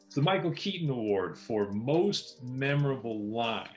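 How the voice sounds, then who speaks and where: A man's voice: medium pitch, sing-song, normal speed, dull audio, soft background music. Enthusiastic male co-host in an echoey room. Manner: enthusiastic, long explanations. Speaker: co-host of a film podcast. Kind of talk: casual review chat.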